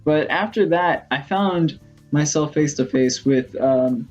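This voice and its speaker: A man vlogging in a casual storytelling style, rambling and excitable, full of fillers. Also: on the high side, takes it slowly, lo-fi sound, soft background music. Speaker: gaming vlogger.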